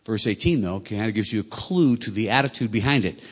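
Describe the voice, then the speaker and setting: A man's voice: fairly low pitch, lively intonation, fairly quick, few pauses. A man preaching a sermon as a pastor in a conversational way, often asking his listeners rhetorical questions. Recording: echoey hall.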